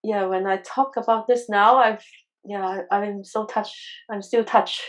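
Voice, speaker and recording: A woman's voice: mid-range voice, fairly even intonation, a little slow, poor audio. A woman guest telling a personal story in a conversational interview, earnest and emotional, often restarting her sentences. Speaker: guest, crystal healer.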